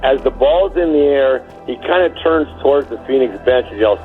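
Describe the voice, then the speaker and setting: A man in his sixties, a former basketball player, telling an anecdote in a halting, chuckling way and acting out a teammate's lines. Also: medium pitch. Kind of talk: storytelling anecdote. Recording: tinny phone-like line with faint music.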